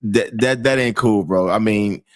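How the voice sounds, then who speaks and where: A man hosting a casual chat, speaking in a halting, conversational way and repeating words. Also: lowish voice, no echo. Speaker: host.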